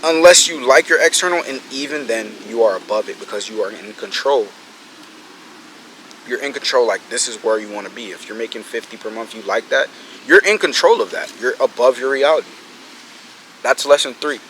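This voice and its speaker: Young man, casual motivational talk, energetic and profane, rain noise behind. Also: mid-range voice, fairly quick, low-quality recording. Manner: energetic, swearing, acts out friends' talk. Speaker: business coach vlogger.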